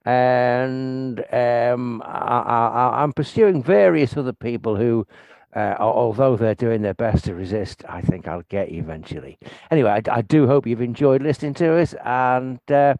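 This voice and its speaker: A man's voice: mid-range voice, normal speed, a little mellow, no echo. An older man hosting a podcast in casual chat, rambling with restarts and laughing often. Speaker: podcast host.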